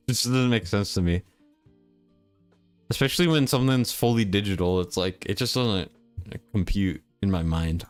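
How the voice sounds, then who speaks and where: A young man casually talking through a game stream in a low-key, near-monotone way, reading chat aloud. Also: unhurried, long pauses, faint music behind. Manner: laid-back, mumbling, reads chat aloud.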